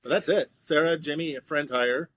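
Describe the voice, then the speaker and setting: A man's voice: on the high side, moderate pace, fairly bright tone. A man, a TV comedy writer, chatting casually as a guest in a dry, understated way. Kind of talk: casual chat.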